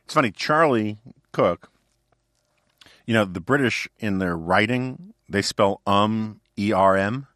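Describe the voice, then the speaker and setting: A man hosts a podcast in an easygoing, amused way, chatting loosely. His tone is bright and lively. The sound is dry and close to the mic. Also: on the low side, slow, dry recording. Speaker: podcast host. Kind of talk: casual chat.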